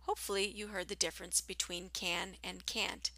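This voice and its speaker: A woman teaching a scripted English pronunciation lesson, speaking slowly and carefully with clear enunciation and a soft, partly whispered delivery. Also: medium pitch, flat delivery, no room sound.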